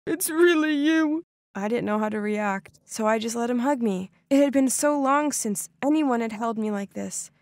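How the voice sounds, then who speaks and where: A young woman narrates a first-person animated story with expressive, dramatic delivery. Her voice is fairly high. The recording is dry and close, with no room sound. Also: normal speed, hardly any pauses, no room sound.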